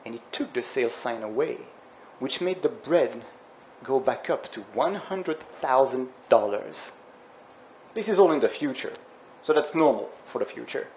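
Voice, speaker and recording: A man's voice: medium pitch, expressive, moderate pace, slight background noise. A man narrating a comedic dramatic reading with over-dramatic, melodramatic delivery. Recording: roomy, dull lo-fi sound. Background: music.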